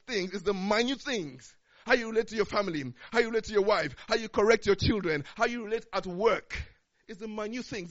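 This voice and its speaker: A man preaching a sermon, swinging between loud urgent declarations and low, quiet speech. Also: dull audio.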